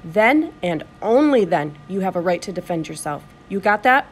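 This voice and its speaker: A woman's voice: fairly low pitch, sing-song, slight background noise. A woman reading as a stern old grandfather. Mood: firm. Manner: slow, grave lecturing.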